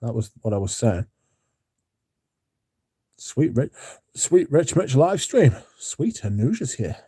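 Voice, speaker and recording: A man's voice: medium pitch, sing-song, takes it slowly, dark tone, breathy edge. A man hosting a casual livestream, reading out chat messages and swearing freely. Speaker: livestream host.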